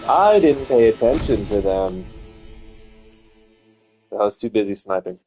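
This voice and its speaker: A man with a somewhat low voice chats casually while playing a game, rambling from one thought to the next and poking fun at himself. Game music plays clearly behind him. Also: big pitch swings, a little slow, pauses often. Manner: rambling, chatty, self-mocking. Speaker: gaming streamer.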